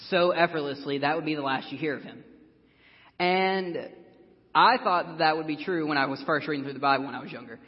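A young man with a fairly high voice delivers a casual, earnest sermon, filling his sentences with "like" and "uh". The sound is a little dull, and a long hall reverb trails behind each phrase. He talks plainly and personally rather than in a polished preaching manner. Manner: earnest, casual, filler-heavy. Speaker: church speaker.

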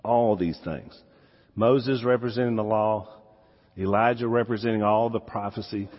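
A man with a Southern US accent preaching a sermon as pastor, swinging from loud emphasis to quiet asides. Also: lowish voice, steady tone, moderate pace. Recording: dull sound with long hall reverb.

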